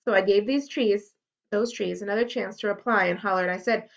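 A woman's voice: mid-range voice, a little fast, creaky. Woman reading a children's story aloud. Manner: lively storytelling with character voices. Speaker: library read-aloud host. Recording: dull lo-fi recording.

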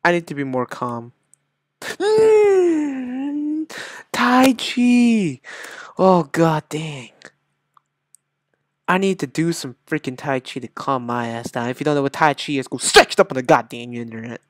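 A man doing gameplay commentary who shifts from low muttering to sudden shrieking outbursts, swearing often. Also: normal speed, a bit bright, no room sound. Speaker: gamer.

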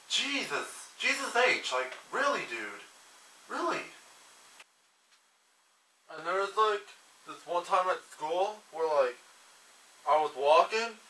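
A man's voice: a little high, lively intonation, normal speed, pushed and bright. A man doing a comedy monologue as a baffled slacker, rambling and whining with constant filler words. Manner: whiny, baffled complaining. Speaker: comic character monologue. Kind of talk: deadpan comedy sketch. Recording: voice distant from the mic.

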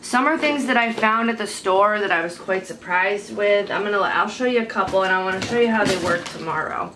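A woman's voice: medium pitch, brisk. A young woman chatting to camera at home about makeup, rambling and blunt, swearing when annoyed. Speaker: beauty vlogger. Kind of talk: casual chat to camera. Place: at home, indoors. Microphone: handheld camera mic. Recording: noisy home camera recording.

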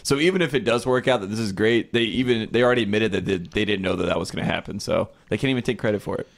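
A man's voice: on the low side, vocal fry. A man co-hosting a casual sports podcast, rambling and agreeing a lot. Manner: quick, rambling, restarts, lots of agreeing. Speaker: podcast co-host.

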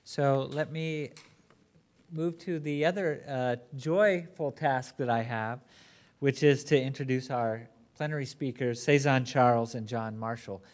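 A man acting as conference moderator, introducing the plenary speakers in a measured way with occasional restarts. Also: medium pitch. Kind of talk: formal introduction.

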